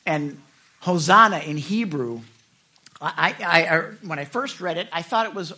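A middle-aged man preaches in a bright, forceful voice that sits a little high for a man. He talks through scripture conversationally, then leaps into sudden loud, high bursts to drive his points home. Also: animated, unhurried. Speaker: pastor. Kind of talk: sermon.

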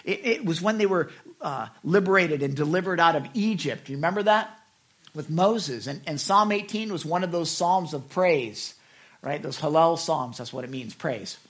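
A middle-aged man preaching a conversational sermon, reading scripture and rising into sudden loud, high bursts for emphasis. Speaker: pastor.

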